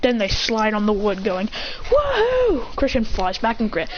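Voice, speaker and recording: A woman telling an improvised fan story with excitement, acting out voices and sound effects. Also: medium pitch, normal speed. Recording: dull lo-fi with faint noise.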